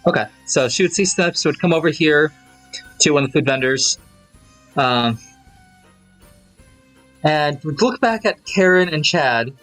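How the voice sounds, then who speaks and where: A man talking through his moves at a tabletop game. He hesitates often, and his pitch moves a lot, sitting a bit high. Soft music plays underneath. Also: expressive, unhurried, pauses often. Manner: hesitant, describing actions. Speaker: player. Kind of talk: casual game chat.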